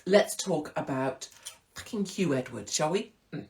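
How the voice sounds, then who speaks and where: A woman hosting a casual live-stream chat, irreverent and theatrical, breaking into sudden high exclamations. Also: expressive, unhurried, darkish tone. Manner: swings into big high exclamations. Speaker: host.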